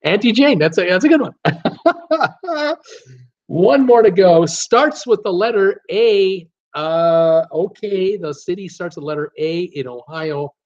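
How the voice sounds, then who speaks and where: A man's voice: high-pitched, lively intonation, takes it slowly, darkish tone. A man hosting a casual live trivia stream, upbeat as he reads out viewer guesses and gives hints. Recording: dull lo-fi stream audio.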